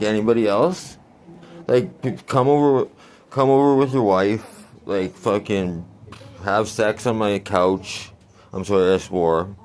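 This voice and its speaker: A man in his forties telling a rambling, crude story in a casual vlog, laughing often. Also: fairly low pitch. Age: 40s. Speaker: vlogger.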